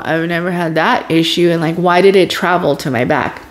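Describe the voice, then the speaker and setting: A woman vlogger telling a personal story in a casual, animated way, dropping to whispers at tense moments. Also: fairly low pitch, moderate pace. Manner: animated, dramatic retelling with whispered asides.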